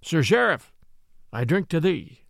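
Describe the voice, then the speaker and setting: A man's voice: a little high, big pitch swings, measured pace, gravelly, dry recording, studio quality, full character voice. A man voicing a greedy, scornful prior who speaks sharply and in anger. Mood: sneering. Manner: sharp, sneering, angry. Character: greedy, scornful churchman, grasping and harsh.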